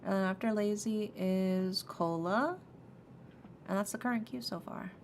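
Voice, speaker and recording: A woman's voice: medium pitch, a little slow, a little hiss or hum. A woman streamer chatting casually and joking with her viewers before a tarot reading. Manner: joking, self-mocking, laughs often. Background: soft lo-fi music.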